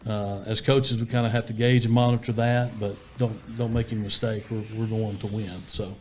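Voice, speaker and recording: Low-voiced coach, plainspoken. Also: male voice. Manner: steady, plainspoken, with many fillers and restarts. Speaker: head football coach. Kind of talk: interview answers.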